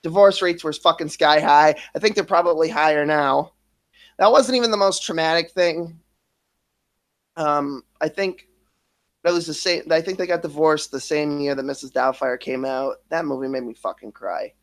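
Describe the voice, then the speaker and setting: A man in his thirties speaks on his stream about his past, emotional and close to tears. He swears constantly, stops and restarts his sentences, and trails off. His voice sits a little higher than most men's. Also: normal speed. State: emotional, near tears at times. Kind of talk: emotional personal confession.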